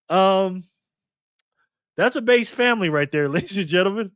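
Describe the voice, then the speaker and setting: A man's voice: high voice, expressive, moderate pace, pauses often, a bit bright, clean tone, no room sound, studio quality. A man hosting a casual livestream, chatting and laughing as he reads viewer comments aloud. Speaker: livestream host.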